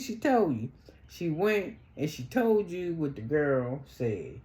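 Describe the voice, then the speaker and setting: A woman with a fairly low voice recaps a reality show in blunt, profane casual talk. She jumps her voice up high whenever she acts out what the cast said. The recording has a roomy echo. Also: animated, normal speed, a little mellow. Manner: acts out quotes in a much higher voice.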